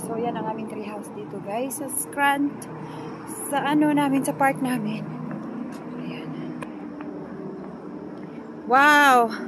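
A woman's voice: sits high, slow pace, long pauses, noisy background. A woman chatting casually to her viewers on a phone while out on a bike ride and at a park. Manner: chatty, mixes English with Tagalog. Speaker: vlogger. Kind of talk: casual vlog narration while biking.

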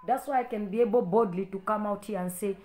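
A woman's voice: mid-range voice, quick pace, reverberant, soft background music. A woman preacher delivering an impassioned sermon, repeating her points and rising into stern warnings. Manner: exhorting, repetitive, rising to stern loud warnings.

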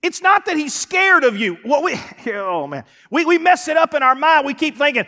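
A man, a pastor preaching a sermon to a congregation in a church, emphatic and building to shouts. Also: very high-pitched, sing-song, normal speed, few pauses. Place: church sanctuary before a congregation.

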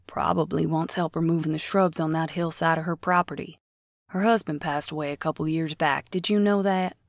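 A woman voicing a gruff middle-aged father who speaks in low, muttered asides, in a dry recording. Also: steady tone, a little fast, no room sound. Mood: muttering.

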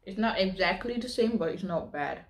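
A woman's voice: mid-range voice, lively intonation, moderate pace. A woman from Nigeria chatting casually in a vlog, explaining slang while she does her makeup. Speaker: vlogger.

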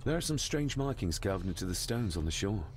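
A man's voice: fairly low pitch, big pitch swings, a little fast, a little hiss or hum. A man playing a polite, inquisitive young man asking about his late aunt. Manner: courteous, inquisitive. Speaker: game protagonist.

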